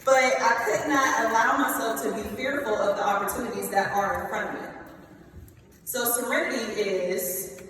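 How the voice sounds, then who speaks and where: A young woman speaking to graduates in a big hall, her voice heard from some distance and ringing with long reverb. She talks straight to the students, lively, checking in with "okay?" between points. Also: on the high side, normal speed, slight background noise. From Ohio, US. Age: late 20s. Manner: lively, addresses the students directly with "y'all" and "okay?". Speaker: commencement speaker. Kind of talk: motivational speech. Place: large hall.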